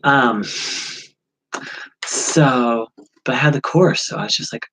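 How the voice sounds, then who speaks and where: A man from the USA talking through a personal spiritual insight, halting, with many fillers and restarts. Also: medium pitch, lively intonation, gravelly, a bit bright, husky, poor audio. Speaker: spiritual teacher. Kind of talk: reflective spiritual vlog.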